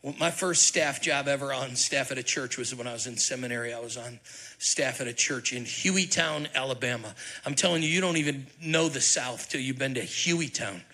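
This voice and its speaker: A middle-aged man, lead pastor, preaching a sermon with animated, humorous storytelling and questions to the congregation. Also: mid-range voice, normal speed, poor audio.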